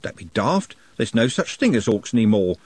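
A man doing a gruff, no-nonsense butler, blunt and matter-of-fact, voice husky and raised. Recorded close and dry. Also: fairly low pitch, sing-song, normal speed, darkish tone, no echo.

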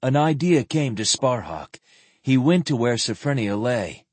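A man narrating a fantasy novel as an audiobook, with expressive, varied delivery close to the microphone. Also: mid-range voice, measured pace, no echo.

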